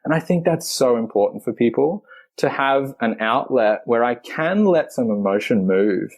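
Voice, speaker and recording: A man with a mid-range voice, a guest on a podcast interview. He explains at length in a reflective, easygoing way and now and then lets out a soft laugh. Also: mid-range voice, animated, normal speed. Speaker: guest, physical therapist and breathwork teacher.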